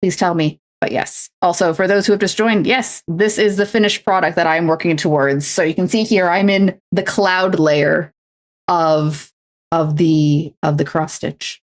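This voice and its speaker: A woman's voice: on the low side, steady tone, unhurried. A woman livestreaming, chatting casually while crafting, rambling and self-deprecating with frequent restarts.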